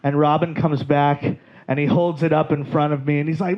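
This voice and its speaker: Brief: male comic, club set, animated rambling storyteller, muffled low-fi audio. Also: a little fast, hardly any pauses. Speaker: stand-up comedian. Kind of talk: stand-up storytelling. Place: comedy club stage.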